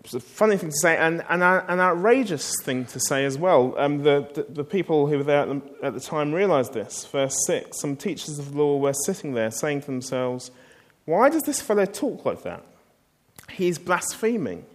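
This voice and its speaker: A man delivers a sermon in a relaxed, storytelling manner. His voice sits a little high for a man. He keeps pulling the listeners in with rhetorical questions. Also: normal speed, hardly any pauses. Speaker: preacher.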